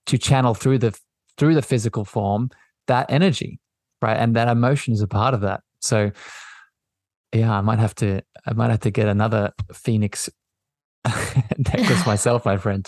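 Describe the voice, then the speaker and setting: Low-voiced man hosting a spiritual talk. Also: no room sound, clean studio sound. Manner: gentle, affirming, repeats himself often. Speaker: podcast host. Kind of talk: reflective spiritual conversation.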